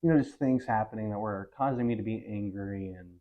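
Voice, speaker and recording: A man's voice: on the low side, a little fast. A man hosting his own vlog from home, talking in a rambling casual monologue full of ums and frustration. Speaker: vlog host. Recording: slightly dull lo-fi recording.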